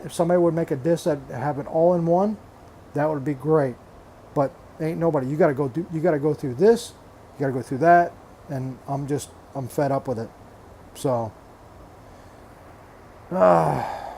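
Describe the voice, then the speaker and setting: A man's voice: fairly high pitch, warm tone, a little hiss or hum. An older man venting bluntly and with exasperation on his hobby vlog, swearing freely and restarting his phrases. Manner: repeats himself, restarts phrases. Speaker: reef aquarium hobbyist vlogger. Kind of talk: frustrated casual rant.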